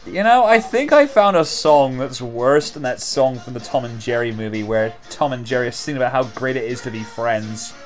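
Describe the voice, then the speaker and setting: A man's voice: medium pitch, moderate pace, hardly any pauses, faint music behind. A man giving casual, sarcastic commentary over a video, rambling with lots of filler words. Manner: sarcastic and rambling, many "like" and "you know".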